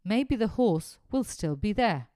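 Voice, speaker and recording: A man's voice: high voice, very animated, slow pace, warm tone, no room sound, clean studio sound, pitched above the performer's own voice, heavily acted. Woman doing a sensible teenage leader. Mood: serious. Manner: firm and practical.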